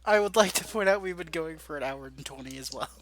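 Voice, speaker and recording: A man's voice: on the high side, fast talker, heavy background noise. A man hosting a casual podcast call, easygoing and laughing a lot as he steers the chat. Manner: laughs often, easygoing and unsure. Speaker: podcast host.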